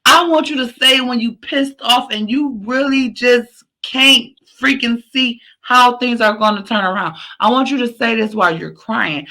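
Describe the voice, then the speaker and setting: A woman's voice: mid-range voice, bright, forceful tone, low-quality recording. Emphatic, motivational woman podcast host. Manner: emphatic, repetitive, preachy encouragement; casual, slangy, occasionally profane.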